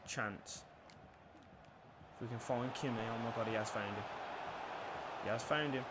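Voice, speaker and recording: A young man commentating his own football video game match, nervy and swearing, bursting into shouts at big moments. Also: mid-range voice, measured pace, background noise. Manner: nervous, swearing, erupting into shouts at goals. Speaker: gaming YouTuber. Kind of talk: live gameplay commentary.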